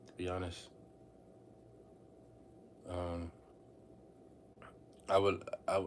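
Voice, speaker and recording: A man with a somewhat low voice livestreams to his viewers in an unscripted, meandering way. He repeats himself and speaks straight to the audience. A faint background noise sits under his voice. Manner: rambling, repeats phrases, addresses viewers as y'all. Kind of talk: casual livestream talk to viewers.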